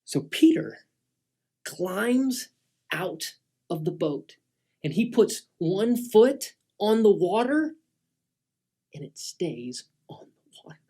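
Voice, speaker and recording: Give me a woman slowly telling a Bible story for kids, dramatic and expressive. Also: mid-range voice, husky. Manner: dramatic, swinging between loud and hushed. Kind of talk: animated storytelling for children. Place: church.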